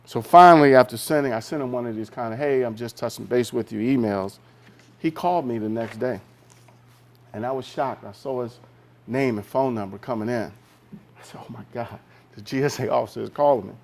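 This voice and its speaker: A man giving a keynote speech on a theater stage, telling a personal business story with dramatic pauses and direct questions to the audience. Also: mid-range voice, a little mellow. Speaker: executive keynote speaker.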